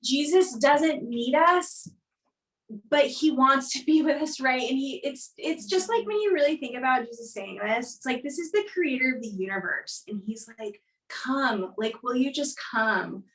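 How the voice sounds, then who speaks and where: A woman with a fairly high voice leads a casual discussion at a live church gathering. She talks in an animated way, full of "like" and quick laughs. The sound is roomy and echoey, picked up from some distance. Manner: animated, frequent fillers and laughs. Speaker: discussion leader.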